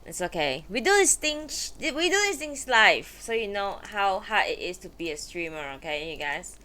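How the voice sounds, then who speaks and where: A woman's voice: medium pitch, big pitch swings, normal speed, sharp tone. A woman streamer chatting live while she sets up, exasperated, swearing and muttering to herself.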